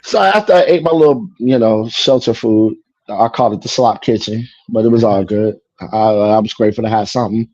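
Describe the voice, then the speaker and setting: Mellow man telling his story. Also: lowish voice, a little fast, no echo. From Chicago. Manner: animated, mimics people in quotes, streetwise slang. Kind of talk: casual storytelling conversation. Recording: dull lo-fi broadcast audio.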